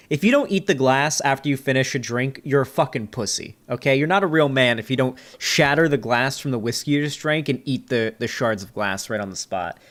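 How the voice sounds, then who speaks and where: A man's voice: medium pitch, fairly bright tone. A man streaming a review of a debate, talking in casual, joking commentary full of fillers and swearing, at a desk mic. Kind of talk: casual profane reaction commentary.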